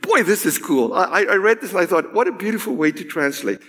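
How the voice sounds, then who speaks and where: A man preaches in a high, lively voice that climbs and falls dramatically. He takes his time, lingering over words before sinking into hushed tones. The long reverb of a big hall trails behind him. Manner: impassioned, swinging from loud high declarations to hushed, drawn-out words. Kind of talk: sermon. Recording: echoey hall.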